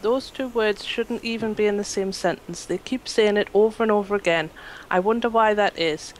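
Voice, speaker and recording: A woman's voice: mid-range voice, normal speed, slight background noise, poor audio. A woman on a live panel show reading viewer comments aloud in a matter-of-fact, lightly amused way. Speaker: chat reader.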